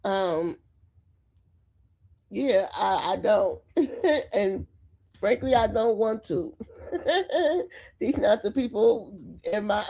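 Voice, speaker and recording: Addressing her viewers directly, a woman vlogger dishes casual, opinionated commentary on celebrity gossip. She has a mid-range, mellow and husky voice with vocal fry. The audio sounds dull.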